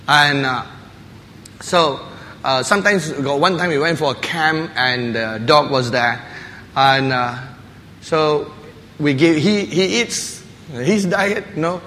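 Male pastor, animated and laughing storyteller, bright voice in a reverberant church hall. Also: a little high, slow, slight background noise. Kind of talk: sermon. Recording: long hall reverb with faint ambience.

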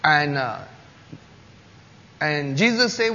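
A man delivers a sermon in a high, unhurried voice, acting out the quoted lines with bursts of energy. The recording is dull and lo-fi, with a long hall reverb and faint background noise. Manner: animated storytelling, acting out quotes with rising pitch and loudness. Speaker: preacher.

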